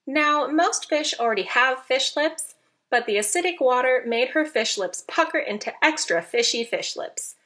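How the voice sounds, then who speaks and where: A woman narrating a children's storybook aloud, expressive and playful, with teacherly asides to young listeners. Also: high-pitched, moderate pace.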